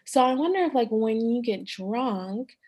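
A woman's voice: a little high, expressive, measured pace, darkish tone, slightly rough. A woman co-hosting a podcast in casual chat, a little nasal at times, chatty and thinking aloud with frequent laughs. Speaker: podcast co-host.

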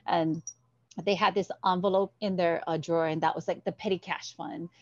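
A woman's voice: fairly low pitch, moderate pace, muffled recording. A woman from Hawaii, a guest telling stories in an interview and acting out the voices in them. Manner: animated, acts out the voices in her stories. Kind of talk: storytelling interview.

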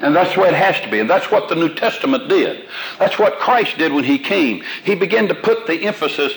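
A man's voice: fairly high pitch, animated, brisk, gravelly, rough recording. An older man, a pastor, preaching a sermon to a congregation in a folksy, homespun way with everyday examples. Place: room with a congregation.

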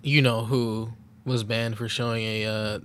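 A woman's voice: a bass voice, level tone, measured pace. A woman co-hosting a podcast in casual chat, with a wry, teasing way of talking that drops into a mumble. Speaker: podcast co-host.

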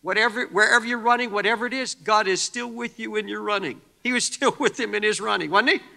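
Male preacher, high piercing voice, fervent sermon, long church-hall reverb. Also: quick pace, gravelly. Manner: fervent, swings from quiet to shouting.

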